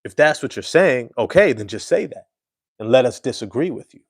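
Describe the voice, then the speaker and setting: A man's voice: medium pitch, lively intonation, brisk, husky, no echo, studio quality. A man hosting casual live-stream sports commentary, emphatic and slangy, repeating his points.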